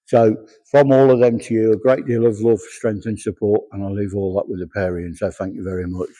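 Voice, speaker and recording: A man with a low, husky voice, passing on spirit messages at a church service. His tone is warm and mellow, and he chats easily while quoting what he hears. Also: little pitch movement, a little fast. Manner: chatty, conversational, often quoting messages aloud. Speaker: medium.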